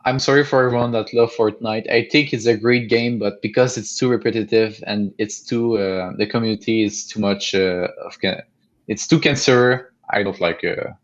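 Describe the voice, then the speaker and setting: Halting young man on a lo-fi mic. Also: on the low side. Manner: halting, many fillers, blunt. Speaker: podcast co-host. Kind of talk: casual chat. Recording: dull lo-fi home recording.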